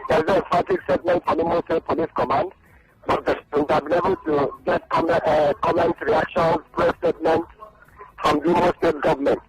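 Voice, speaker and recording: A man speaks as a journalist guest, with a fairly high voice that swings widely in pitch. His tone is gravelly, and he drives his points home by repeating them. Loud music plays behind him. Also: lively intonation, brisk, rough recording. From Nigeria. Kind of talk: phone-in radio interview.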